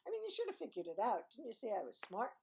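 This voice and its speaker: A woman's voice: a little high, wildly swooping pitch, creaky, slight background noise. A woman from Brooklyn with a light New York accent, telling a rambling, self-mocking story to her vlog audience. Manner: rambling, self-mocking, digressive with quick laughs. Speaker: vlogger. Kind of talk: chatty storytelling monologue.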